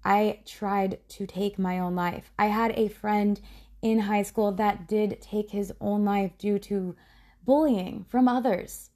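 A woman's voice: mid-range voice, fairly even intonation, takes it slowly, mellow. A woman hosting a casual true-crime podcast, talking bluntly, swearing freely and breaking off into frank personal asides. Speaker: podcast host.

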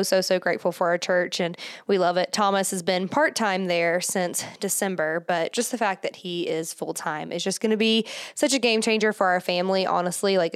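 A woman hosting her own podcast in a loose, chatty monologue, her voice smooth and clear. She sounds slightly out of breath and keeps circling back with fillers and restarts. Her pitch sits in an ordinary middle range. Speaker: podcast host. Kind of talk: casual solo podcast monologue.

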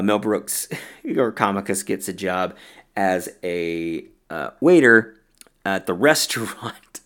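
A man hosting a podcast and chatting casually about films he loves, often breaking into laughter as he talks. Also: lowish voice. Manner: laughs often while talking. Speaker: podcast host. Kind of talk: casual film review chat.

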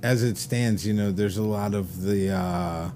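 A man's voice: fairly low pitch, unhurried, a little mellow, slight background noise. A middle-aged man with a Minnesotan accent, chatting casually as a podcast guest and telling rambling stories full of fillers. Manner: rambling storyteller, many fillers. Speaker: band leader and guest.

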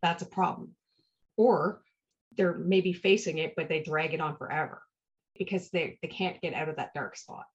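A woman with a low-sitting voice hosts a podcast, sharing personal stories at a moderate pace in a casual, heartfelt manner. She often checks in with "right?" The recording has a dull, lo-fi quality.

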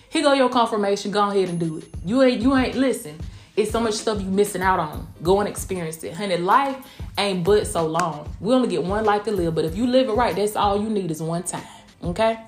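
A woman from small-town Georgia with a rural Southwest Georgia accent, hosting a casual motivational podcast in a folksy, emphatic way, calling listeners honey and y'all. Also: medium pitch. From Blakely, Georgia, US. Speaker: podcast host. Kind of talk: casual motivational podcast chat, also streamed live. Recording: roomy echo with faint music behind.

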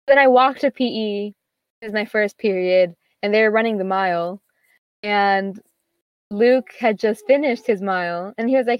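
A woman's voice: mid-range voice, fairly quick, dry recording, muffled recording. A teenage girl chatting casually, telling a long story full of fillers and quoted back-and-forth. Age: teens. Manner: rambling, filler-heavy, quotes others. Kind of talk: casual chat.

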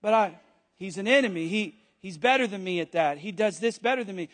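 A male pastor with a notably high voice preaches to his church in an animated, joking way. He breaks off into quick asides, teasing himself and the room as he makes his points. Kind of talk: sermon.

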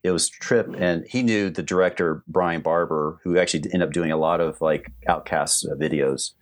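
Very low-voiced man telling rambling stories. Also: steady tone, moderate pace. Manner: rambling, many restarts and fillers. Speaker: animator guest telling stories. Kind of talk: casual storytelling on a livestream.

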